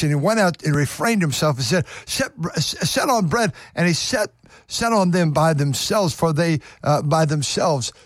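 A male preacher delivers a fervent sermon in a high voice, stressing points by repeating words. The recording is dry and close, with no room echo.

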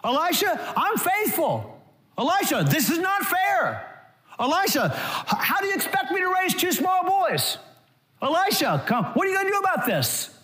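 A man preaching voices a desperate grieving widow, pleading in rising shouts. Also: very high-pitched, huge pitch swings, normal speed, reverberant, pitched above the performer's own voice, full character voice.

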